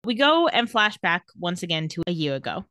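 Her pitch is fairly low but swings a lot, and her tone is sharp; the studio recording has no echo. This woman co-hosts a podcast, retelling a TV episode in casual chat, playful and quick to laugh while lightly voicing the characters.

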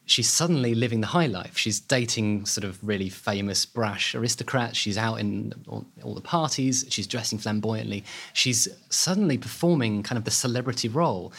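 A man, an author guest, telling a historical story in an animated way with many fillers. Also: fairly low pitch, normal speed, gravelly, husky. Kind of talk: podcast interview.

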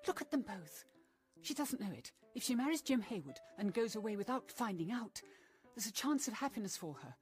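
An actress playing a middle-aged mother, grave and protective, in an old-fashioned film drama with a husky, serious delivery. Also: on the high side, very animated, a little fast, faint music behind. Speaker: mother of two grown daughters.

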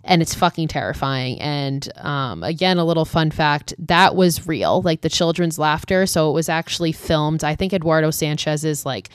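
Low-voiced woman recapping a film casually. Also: clear, resonant tone, dry recording, clean studio sound. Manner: animated, quick bursts, lots of "like". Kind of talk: casual retelling with swearing.

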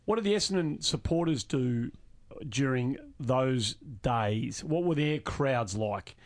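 A man's voice: mid-range voice, animated, takes it slowly. A middle-aged Australian man co-hosting a sports podcast, fired up and ranting in casual chat. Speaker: podcast co-host.

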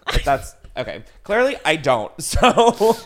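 A man hosting a podcast, chatting casually, excitable and swearing, laughing often. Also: on the high side, slow. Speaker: podcast host. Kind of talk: casual podcast chat and ad read.

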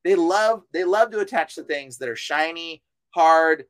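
Fervent high-voiced man preaching insistently. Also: measured pace, no room sound. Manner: fervent and insistent, repeats himself, casual slang. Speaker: exorcist guest on a podcast. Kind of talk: preachy podcast talk.

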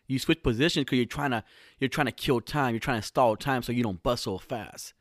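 A man's voice: medium pitch, brisk, a bit bright, no room sound. Foul-mouthed rambling man, dry close sound. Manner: rambling, heavy swearing, frequent restarts. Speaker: podcast host. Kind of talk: casual comedic storytelling. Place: lives in Southern California.

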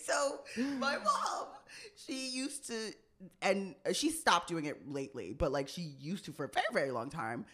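Animated woman co-hosting a podcast. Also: on the low side, moderate pace, slight background noise. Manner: animated storytelling, laughs often. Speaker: podcast co-host. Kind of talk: casual chat.

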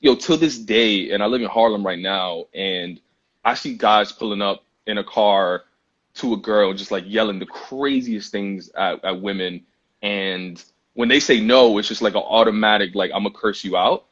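A man's voice: fairly low pitch, moderate pace. A young man, chatting casually as a guest and telling stories full of slang and fillers. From Brooklyn, New York. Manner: animated storytelling with slang and many fillers. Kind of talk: casual chat. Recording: muffled Instagram live audio.

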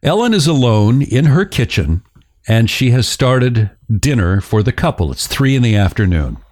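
A man's voice: mid-range voice, sing-song, moderate pace, darkish tone. Chatty joking male podcast storyteller. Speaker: podcast host.

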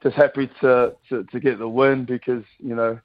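A New man in his thirties talks in a loose, chatty way and keeps calling people "mate". His voice is a touch worn from a couple of days of celebrating. It comes through a slightly muffled, lo-fi line at a middle pitch. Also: normal speed. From New Zealand. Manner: relaxed, laughing, says mate often. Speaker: rugby player guest. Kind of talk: casual radio chat.

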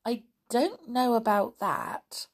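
A woman's voice: a little high, expressive, takes it slowly, pitched above the performer's own voice, full character voice. Woman reading a kindly cautious mother. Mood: gentle.

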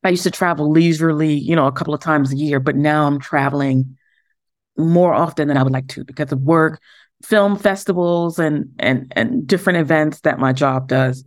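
A woman's voice: sits low, moderate pace, no echo, clean studio sound. A woman, chatting candidly as a podcast guest in an easygoing, self-deprecating way. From the Bronx, New York. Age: late 30s. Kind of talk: casual interview chat.

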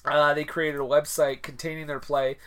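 A man's voice: a little high, moderate pace. A man co-hosting a podcast, chatting casually about a film in a rambling way with lots of fillers. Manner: relaxed, rambling, hesitant with fillers. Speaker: podcast co-host. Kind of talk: casual film-discussion chat.

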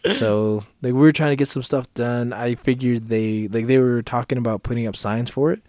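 A man's voice: mid-range voice, fairly even intonation, normal speed, a little mellow, dry recording. A man co-hosting a podcast, telling a story in casual profane chat and acting out the people he quotes in a raised voice. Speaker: podcast co-host.

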